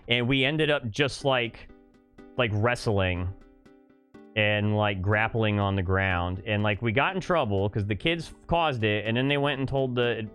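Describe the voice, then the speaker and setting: A man's voice: lowish voice, fairly bright tone. A young man streaming a game, telling a rambling story to his chat with lots of fillers and swearing. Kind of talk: casual chat to a live stream chat while playing.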